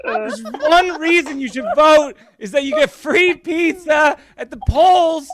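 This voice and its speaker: High-voiced man doing slow deadpan stand-up. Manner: deadpan, rambling, self-deprecating storytelling. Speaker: comedian. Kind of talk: stand-up comedy set. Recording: crowd laughter in background. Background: audience laughter.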